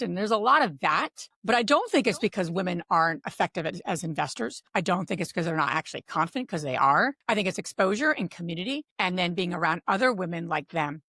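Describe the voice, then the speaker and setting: A middle-aged woman from Pennsylvania, a podcast guest who tells stories with animated quoted voices. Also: fairly low pitch, dry recording, studio quality. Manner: animated storyteller, acts out quotes. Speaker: podcast guest, real estate investor. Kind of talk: casual interview talk.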